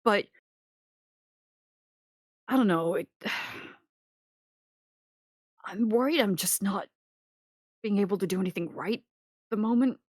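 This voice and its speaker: A woman speaking in character during a tabletop game, hesitant and sighing, with many pauses. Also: mid-range voice, a little mellow, dry recording, studio quality. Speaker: player. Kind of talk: in-character tabletop role-play.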